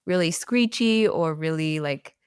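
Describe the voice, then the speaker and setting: Woman, from the United States, low voice, dry close sound, podcast co-host, casual laughing chat. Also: a little slow, clear, resonant tone, no room sound. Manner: chatty, laughs often, lots of "like".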